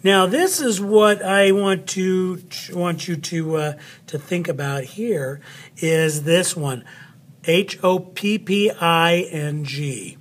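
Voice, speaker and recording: A man's voice: high-pitched, slow. A man teaching a spelling lesson, upbeat and chatty, with playful asides while he cuts and glues cards. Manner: upbeat, talks while cutting and gluing.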